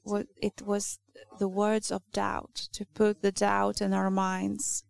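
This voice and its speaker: A woman whose first language is Lithuanian, preaching a sermon in an earnest, halting way with many restarts. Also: mid-range voice, completely flat delivery, gravelly.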